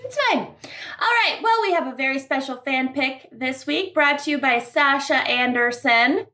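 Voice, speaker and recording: A woman's voice: high voice, moderate pace, pushed and bright. A woman co-hosting a podcast in casual chat, giggly and swearing freely. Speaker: podcast co-host.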